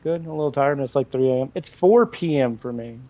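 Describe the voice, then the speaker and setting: A man's voice: medium pitch, brisk, dark tone, dull audio. A young American man chatting casually with his live chat while playing a game, swearing now and then. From United States. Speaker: live streamer.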